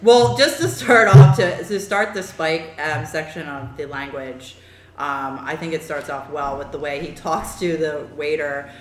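A woman's voice: low-pitched, measured pace, soft background music. A woman chatting casually about a TV show, with lots of fillers and easy laughs. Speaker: podcast co-host discussing a TV show. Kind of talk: casual chat. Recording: roomy echo.

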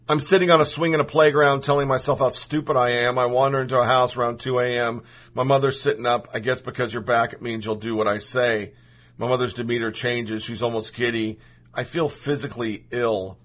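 A man's voice: medium pitch, a bit bright. A man reading a personal story aloud in the first person, earnest and emotional.

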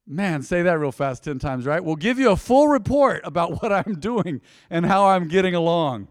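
A man with a high-pitched, animated voice preaches a sermon as a pastor in a church sanctuary, keeping things loose and joking while calling on the congregation to answer back. He speaks at a moderate pace with few pauses. The recording is clean studio sound with no echo, though the space feels like a large hall.

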